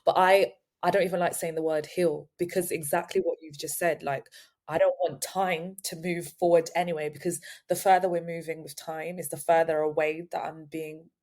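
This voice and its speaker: A young woman co-hosting a podcast, talking in a halting, casual way with many restarts. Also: low voice, little pitch movement, darkish tone. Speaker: podcast co-host. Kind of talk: casual chat.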